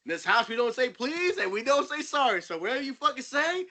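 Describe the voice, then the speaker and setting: A man in casual chat, telling lively stories and acting out what others said. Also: very high-pitched, fast. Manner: animated storyteller, acts out quotes.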